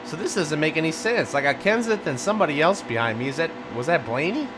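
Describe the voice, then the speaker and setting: A man giving live commentary on a racing game, grumbling and ranting, swinging from low muttering to loud outbursts. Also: lively intonation, quick pace. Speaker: gaming video host. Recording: game engine noise behind voice. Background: racing game car sounds.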